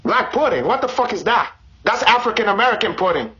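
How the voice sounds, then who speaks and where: Brief: man voicing a husky, deadpan Brazilian fighter host, heavy Brazilian Portuguese accent, crude and boastful, broken English. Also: high-pitched, brisk, lo-fi sound, exaggerated voice. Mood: brash. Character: brash, crude Brazilian jiu-jitsu champion man. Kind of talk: comic improvised podcast chat.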